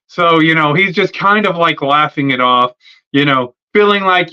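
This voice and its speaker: A man with a raised, bright, edgy voice riffs casually, swearing and stumbling over fillers as he lays out how he'd book the show. The stream audio sounds dull and lo-fi. It comes across as an unscripted solo rant. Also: fairly high pitch, moderate pace, clear, resonant tone. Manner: profane, rambling, filler-heavy. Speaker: wrestling podcast host. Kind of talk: casual fantasy-booking rant. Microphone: streaming setup mic.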